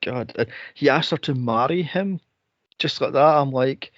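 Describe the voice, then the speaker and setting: Exasperated, a man co-hosting a podcast goes over a film in casual conversation peppered with swearing and laughter. He speaks unhurriedly at medium pitch, with no echo, through a dull lo-fi podcast mic.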